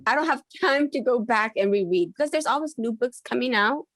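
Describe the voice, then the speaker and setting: A woman co-hosting a book podcast, soft-spoken and given mostly to short agreeing sounds. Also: a little high, fairly quick, no echo. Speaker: podcast co-host. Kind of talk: casual podcast interview.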